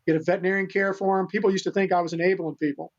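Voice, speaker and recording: Older male guest, high-pitched, earnest and rambling; muffled lo-fi audio. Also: level tone, racing. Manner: earnest, rambling, many restarts. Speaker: guest, animal rescuer. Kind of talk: storytelling interview talk. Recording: dull lo-fi sound.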